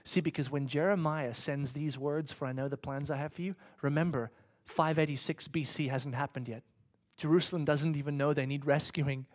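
Brief: male pastor, slightly higher voice, lively sermon storyteller who drops to near-whispers. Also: normal speed. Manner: animated storytelling, swinging from loud excitement to hushed whispers; casual, chatty phrasing.

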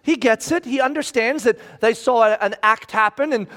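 Man, sermon preacher, very high voice, animated and emphatic, breaks into acted shouts. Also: moderate pace. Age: adult, married with children. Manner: animated, emphatic, acts out scenes with sudden shouts. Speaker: pastor.

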